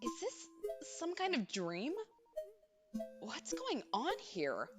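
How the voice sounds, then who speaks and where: A woman's voice: on the high side, wildly swooping pitch, slow pace, pitched above the performer's own voice, full character voice. A woman voicing a bewildered young man who wakes in darkness, asking startled, pleading questions. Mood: confused. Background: game music.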